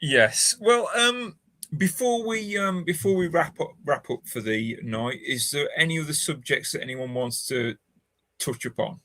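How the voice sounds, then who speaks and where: A man's voice: fairly high pitch, expressive, measured pace, pushed and bright. A man hosting a casual stream chat, hesitant and prone to repeating words.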